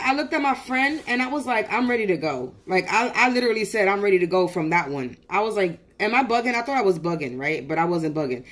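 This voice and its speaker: A woman's voice: medium pitch, a bit bright. A woman venting into her phone on a livestream. She tells the story in a heated, profane rush, often stopping and starting over mid-sentence. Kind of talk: venting casual monologue.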